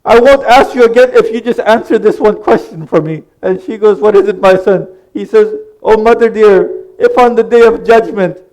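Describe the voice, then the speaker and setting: A man with a high voice delivers an earnest religious sermon. He speaks straight to the congregation, recounting the story and giving each character's lines as quoted dialogue. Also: normal speed, hardly any pauses, a little mellow, low-quality recording. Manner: earnest, addresses the congregation directly; retells dialogue in quoted speech. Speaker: preacher.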